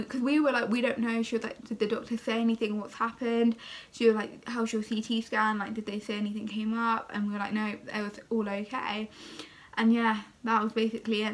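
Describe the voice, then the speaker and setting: A young vlogger, tired and still recovering, tells a casual story-time vlog in a fairly high, fairly bright voice. She's chatty and full of fillers like "like" and "oh my God."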